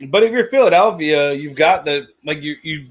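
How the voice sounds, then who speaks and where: A man co-hosting a live sports stream, chiming in with quick interjections and short replies. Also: a little high, expressive. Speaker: sports show co-host. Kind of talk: casual live-stream chat.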